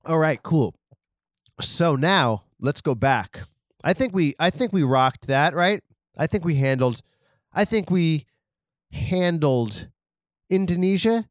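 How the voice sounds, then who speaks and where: A man's voice: on the high side, big pitch swings, takes it slowly, long pauses, no echo, clean studio sound. A man hosting a comedy podcast, riffing crudely and rambling on news headlines. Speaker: podcast host.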